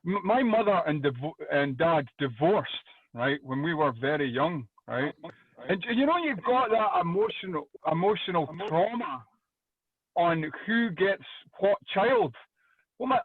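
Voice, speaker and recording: A loud Scottish comedian tears through his set with crude swearing and plenty of energy. His voice sits a touch high and comes through a thin, phone-like line. The room around him is completely dry. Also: slightly rough, no echo. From Scotland. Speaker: stand-up comedian. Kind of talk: stand-up comedy. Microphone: video call. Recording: dry tinny phone-like call audio.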